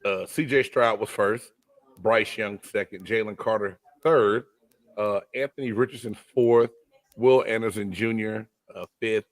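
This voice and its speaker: A man's voice: lowish voice, a little slow, no echo. Hyped man hosting a sports show. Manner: loud, hyped, joking banter. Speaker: host. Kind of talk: casual live sports chat.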